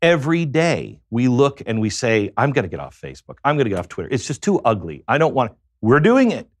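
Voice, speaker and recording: A man's voice: mid-range voice, huge pitch swings, fairly quick, no echo. A man, a guest on a talk show, tells a personal story in a reflective way that halts on many fillers.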